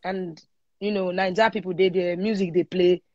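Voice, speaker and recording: A young woman with a Nigerian accent tells her story in a relaxed interview, dropping into pidgin as she goes. She speaks into a phone on a live stream, so the audio sounds muffled and lo-fi. The room is dead, with no echo. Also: fairly low pitch, normal speed. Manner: lively storyteller mixing in pidgin. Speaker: singer guest. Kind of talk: casual interview chat. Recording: dull lo-fi livestream audio.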